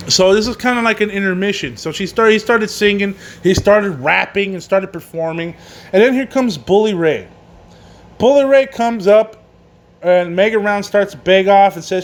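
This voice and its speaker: A man hosting a casual solo wrestling review, rambling and swearing, with many fillers and restarts. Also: sits high. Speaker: wrestling podcast host.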